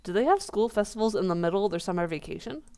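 A woman's voice: medium pitch, animated, fast talker, a little mellow. A woman hosting a let's play, chatting casually and rambling with lots of fillers.

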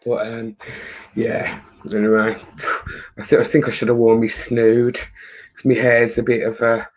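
A woman's voice: very deep voice, flat delivery, measured pace, darkish tone. A woman with an English accent hosting a casual live-stream chat, talkative and emotional. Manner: chatty, emotional, swears lightly. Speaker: host.

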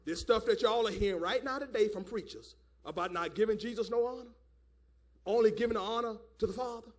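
A man's voice: sits high, a little fast. A man preaching a fiery sermon at a church service, hollering and repeating "my God, man". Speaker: elder preaching.

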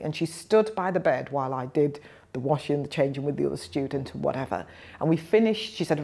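Low-voiced woman in her fifties. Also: fairly quick, breathy edge. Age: 50s. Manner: animated, acts out quoted voices. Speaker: guest, nursing professor. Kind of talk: reflective storytelling.

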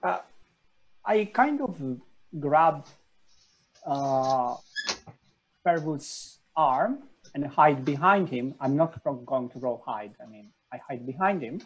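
A man's voice: fairly high pitch, lively intonation, slow pace, breathy edge, low-quality recording. A man playing a character in a tabletop game, hesitant and stammering. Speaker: player.

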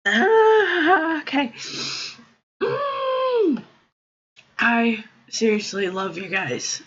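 A woman's voice: high voice, very animated, drawn-out words, pauses often, fairly bright tone, lo-fi sound, a little hiss or hum. A woman live streamer, tearful and crying, talking to her viewers in breathless exclamations broken by laughter.

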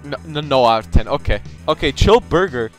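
A man's voice: mid-range voice, lively intonation, a little fast, soft background music. A man chatting casually with a friend while gaming, reacting and laughing easily. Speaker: gamer. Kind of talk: casual gameplay chat.

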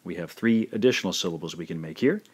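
A man teaching a recorded language lesson, carefully modelling each syllable slowly and repeating it twice. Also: low-pitched, breathy edge.

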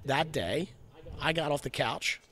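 A man in his forties hosting a casual podcast chat, telling a personal story in an animated, slangy way. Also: on the high side, measured pace. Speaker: podcast host.

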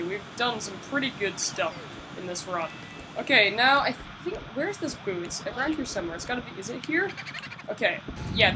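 A woman's voice: mid-range voice, noisy background. A woman giving casual, chatty gameplay commentary, often self-mocking and urging herself on. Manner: chatty, self-mocking, repeats "come on" under pressure. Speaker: video game let's-player.

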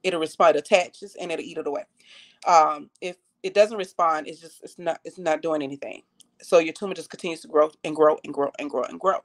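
A woman's voice: sits low, fairly quick. A young woman sharing her own story on a live stream in an earnest, heartfelt way, repeating phrases for emphasis. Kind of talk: personal testimony on a live stream.

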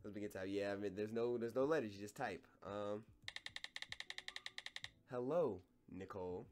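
A man's voice: fairly low pitch, fairly even intonation, fast talker, a little mellow, clean tone. A young man chatting casually over a game for his viewers, joking and rambling as he plays. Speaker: gaming YouTuber. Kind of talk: casual gameplay commentary.

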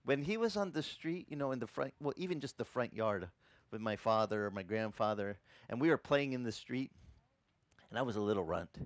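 A man's voice: medium pitch, a little fast, no echo. A man preaching a sermon as a pastor, telling stories and asking his congregation questions. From Sicilian family. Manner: animated storytelling preacher, asks the congregation questions.

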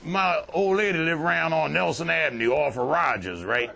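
An older man speaks in a gravelly voice that is high and bright, at a moderate pace. A relapse prevention speaker, he tells stories to a group in a profane, streetwise, animated way, laughing as he goes.

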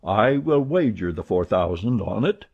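An excitable gentleman card player, as a male reader puts him on, pushing his words with rising annoyance in a husky voice. The recording is dull and lo-fi. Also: on the low side, a little slow, exaggerated voice. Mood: agitated.

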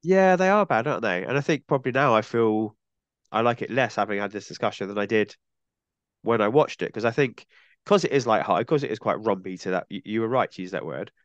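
A man's voice: fairly low pitch, lively intonation, a little fast, no echo, muffled recording. A man hosting a film podcast with a cold, chatting casually and often ending points with tag questions. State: has a cold. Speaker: podcast host.

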